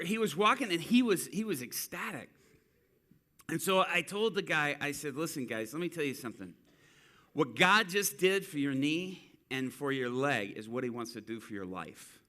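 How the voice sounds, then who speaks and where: A man's voice: on the high side, moderate pace. A man preaching to a church, telling a street-ministry story and acting out the people in it. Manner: animated storyteller acting out quotes. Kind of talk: sermon storytelling.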